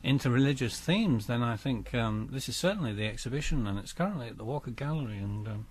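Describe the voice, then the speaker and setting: A man's voice: medium pitch, expressive, fast talker, husky. A man hosts a mock-serious radio arts programme. His tone is pompous and stiff. He stumbles constantly over ums and restarts. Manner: pompous, hesitant, full of ums. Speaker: radio arts show host. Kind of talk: mock-serious spoof interview.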